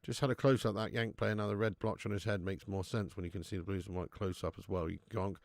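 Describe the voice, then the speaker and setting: A man's voice: low-pitched, steady tone, quick pace, gravelly, a little mellow, no echo, studio quality. A man hosting a live football watch-along, chatting in slangy, jokey banter with frequent laughs. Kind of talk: live stream commentary and chat.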